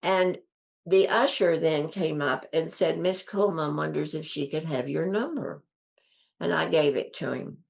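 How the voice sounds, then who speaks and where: A woman's voice: sits low, measured pace, vocal fry, darkish tone. An older woman telling a personal story as a guest in an interview, earnest and emphatic, acting out what others said with a lifted voice and repeating phrases for effect. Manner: earnest, acts out quoted dialogue with lifted voice.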